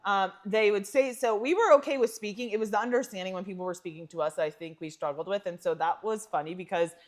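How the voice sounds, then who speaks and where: Woman, podcast co-host, casual chat, animated storytelling, mid-pitched voice. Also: fast talker.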